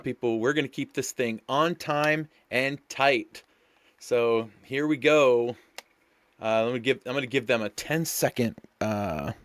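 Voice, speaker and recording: A man's voice: medium pitch, a bit bright. A man hosting a live sim-racing stream, chatty and loose with lots of fillers, hyped up and talking to his viewers. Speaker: race host and commentator. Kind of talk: live-stream race commentary.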